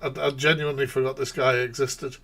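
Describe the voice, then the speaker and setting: A man's voice: medium pitch, flat delivery, fairly quick, pushed and bright. A man hosting a live reaction stream, rambling and laughing, with sarcastic asides. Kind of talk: casual live-stream commentary.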